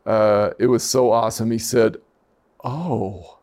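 A man's voice: mid-range voice, unhurried, darkish tone. Brief: middle-aged man, ex-coach, rambling self-mocking podcast storyteller. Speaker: podcast co-host, former high school coach. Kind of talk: casual storytelling chat.

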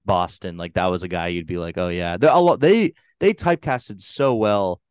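Smooth-voiced New Hampshire man. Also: fairly low pitch, sing-song, moderate pace, no echo, studio quality. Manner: loose, rambling, swears casually. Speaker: podcast host. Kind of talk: casual movie review chat.

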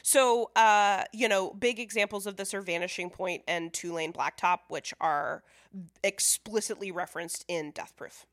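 A woman's voice: medium pitch, moderate pace, fairly bright tone, no echo, clean studio sound. A woman co-hosting a casual film podcast, explaining things at length with many "like" and "you know" fillers. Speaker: podcast co-host.

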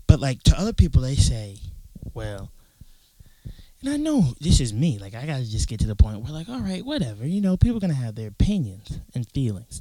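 Animated, profane young man ranting. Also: medium pitch, no room sound. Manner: animated, profane storytelling with acted-out quotes and sudden loud outbursts. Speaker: podcast co-host. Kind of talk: casual podcast rant.

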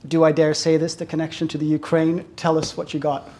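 Slightly high-pitched male interviewer. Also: monotone, a little fast, darkish tone. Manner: long lead-in questions, hesitant.

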